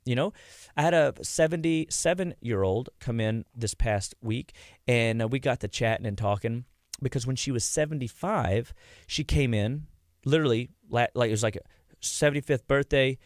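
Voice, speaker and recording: A man's voice: mid-range voice, no room sound, studio quality. A man guesting on a radio show, talking casually about heart health and acting out stories of his patients. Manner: animated storyteller, acts out quotes.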